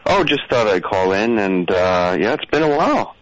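A meek, rambling phone caller, played by a man, talking in a very low voice that is heard dry and close. He halts and apologizes as he goes, and his mouth sounds dry. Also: very animated, no room sound, poor audio. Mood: hesitant. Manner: hesitant, halting, apologetic.

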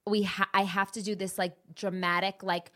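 A woman's voice: medium pitch, little pitch movement, normal speed, fairly bright tone. A young woman co-hosting a casual podcast, telling stories with lots of swearing and giggles. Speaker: podcast co-host. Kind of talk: casual chat.

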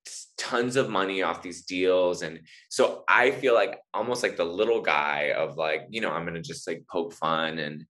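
A man's voice: low-pitched, normal speed, fairly bright tone. A man who is an actor, a guest on a podcast, chatting casually and rambling with many fillers and restarts. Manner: rambling, hesitant, lots of fillers. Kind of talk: casual chat.

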